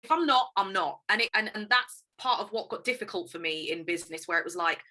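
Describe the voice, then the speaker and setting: A woman's voice: medium pitch, expressive, fast talker, sharp tone. A woman in a casual interview who talks about her choices candidly and spontaneously, with emphatic bursts and easy laughs. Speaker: guest, singer and actress. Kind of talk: casual conversation.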